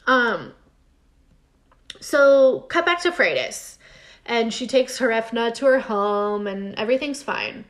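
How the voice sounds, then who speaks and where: A woman's voice: fairly high pitch, lively intonation, slow pace. Chatty young woman recapping a show. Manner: chatty, lots of "like", acts out characters' lines. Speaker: podcast co-host recapping a TV episode. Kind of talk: casual chat.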